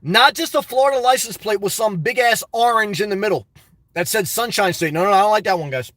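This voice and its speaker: Man, high-pitched, animated and repetitive, casual live chat, dry sound. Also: quick pace, no echo. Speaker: YouTube vlogger answering live chat.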